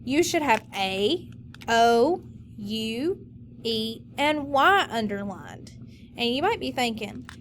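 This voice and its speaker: A woman teacher leading a recorded phonics lesson, slowly modeling and stretching out each word for students. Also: fairly high pitch, lively intonation, slight background noise. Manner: slow, drawn-out modeling of words.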